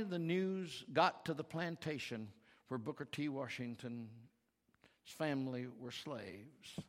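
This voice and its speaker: A man preaching a sermon as pastor, slow and emphatic, building to loud calls for the congregation to repeat after him. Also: on the high side. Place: church sanctuary. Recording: reverberant church hall, faint guitar behind.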